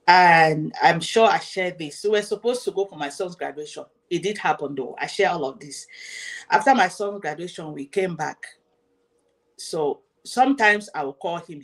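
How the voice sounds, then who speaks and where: A woman hosting her own show, telling a personal story to her viewers in an emotional way, often repeating herself and speaking straight to her audience. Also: fairly low pitch. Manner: emotional, repetitive, addresses the audience directly. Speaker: host.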